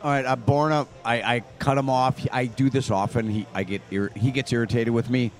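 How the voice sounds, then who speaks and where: Co-host guy, blunt and teasing, average pitch. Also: steady tone, fairly quick. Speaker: radio co-host. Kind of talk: casual interview.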